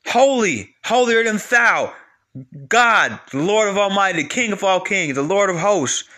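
This high-voiced man gives a lively, informal Bible sermon, addressing his audience directly and saying certain lines again to drive them home.

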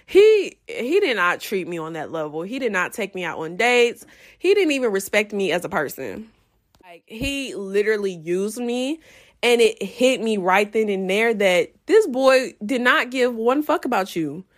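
A young adult woman telling a story to her viewers in a casual, profane, animated way, often breaking into laughs. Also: a little high.

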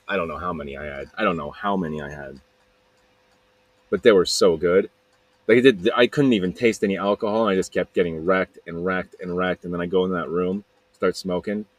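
A man's voice: lowish voice, rough recording. A man hosting a podcast, telling a rambling personal story in a casual way, laughing often and acting out what others said. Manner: rambling, laughing, repeats himself, acts out others' lines. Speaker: podcast host. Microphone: close podcast mic.

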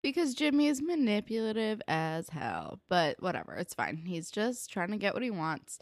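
A woman's voice: medium pitch, big pitch swings, creaky, dry recording, clean studio sound. Chatty young woman from New Jersey. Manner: chatty, lots of "like" and "um", quick asides. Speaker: podcast co-host. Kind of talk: casual chat recapping a TV episode.

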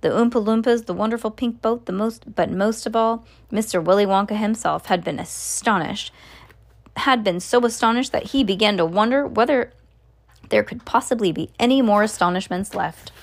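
A woman's voice: medium pitch, moderate pace. Woman casually reading a storybook aloud. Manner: casual, with slips and asides. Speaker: reader. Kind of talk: reading a children's book aloud.

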